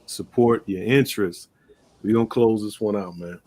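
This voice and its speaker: A man's voice: on the low side, moderate pace, warm tone. A man hosting a livestream roundtable, talking in a laid-back, slangy way and laughing often. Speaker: livestream host. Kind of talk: casual chat.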